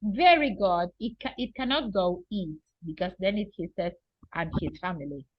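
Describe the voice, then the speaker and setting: A woman's voice: fairly low pitch, animated, normal speed, breathy edge, no room sound. Woman, patient English teacher; dry, muffled recording. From Argentina. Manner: patient, explaining words and checking with "right?". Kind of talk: teaching a vocabulary lesson. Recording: dull, lo-fi and dry.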